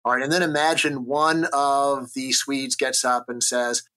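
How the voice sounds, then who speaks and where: American econ guy on a podcast, bright forceful voice, keeps going "right?" while he argues. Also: mid-range voice, a little slow. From United States. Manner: energetic, argumentative, rhetorical "right?" checks. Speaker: economist guest. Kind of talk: conversational interview.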